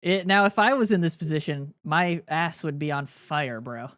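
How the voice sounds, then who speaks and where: A man's voice: a little high, expressive, normal speed, a bit bright, dry recording, clean studio sound. A man hosting a casual sports podcast, loose and joking, laughing often. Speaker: podcast host.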